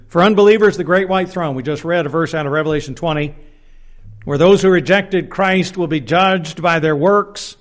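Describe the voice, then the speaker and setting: Man teaching scripture from the pulpit. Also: a little high. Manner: reads scripture aloud, plain-spoken, self-deprecating asides; restarts and repeats words often. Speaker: preacher. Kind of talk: Bible teaching sermon.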